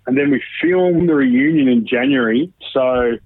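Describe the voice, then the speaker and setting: A man tells his story as a guest in loose, profane chat, often slipping into what others said. His voice comes through husky and thin, like over a phone line. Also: medium pitch, huge pitch swings, normal speed, dry recording. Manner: swears often, acts out quoted dialogue. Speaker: podcast guest. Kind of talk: casual storytelling interview.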